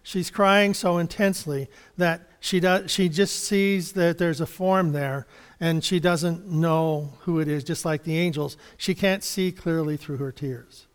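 Man preacher, higher voice, loose and halting sermon delivery with small chuckles and restarts, long reverb from a church hall. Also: steady tone, clear, resonant tone. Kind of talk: sermon Bible study.

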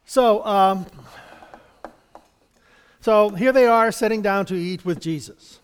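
A man's voice: sits high, takes it slowly, clean tone, in a large hall. A man giving an informal Bible study, chatty and rambling, chuckling often and acting out little exchanges. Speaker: Bible teacher.

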